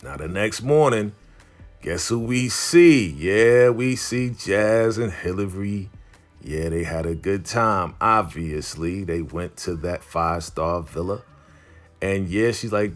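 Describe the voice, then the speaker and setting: Chatty low-voiced man recapping a show. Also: lively intonation, a little slow, soft background music. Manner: loose and chatty, full of "you know" and "like". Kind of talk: casual episode recap, retelling scenes with quoted lines.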